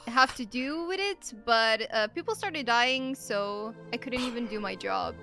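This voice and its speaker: A woman speaks in character at a tabletop game, brushing off questions in an offhand way. Her voice is fairly high and bright, with faint music in the background. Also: measured pace. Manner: evasive, offhand. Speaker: player. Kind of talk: in-character tabletop role-play.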